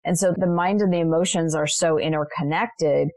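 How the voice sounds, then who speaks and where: A woman's voice: sits low, steady tone, moderate pace, darkish tone, dry recording. A woman guest on an interview show, earnestly and reflectively sharing personal stories with frequent asides. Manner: earnest, reflective, lots of "you know" asides. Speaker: guest, transformational leader and spiritual mentor.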